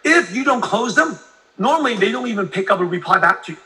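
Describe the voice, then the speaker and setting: A man's voice: high voice, lively intonation, quick pace, bright, forceful tone. A man coaching a live online audience on sales closing, emphatic and repetitive, tagging points with "right?" and answering viewer comments as he goes. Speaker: sales trainer.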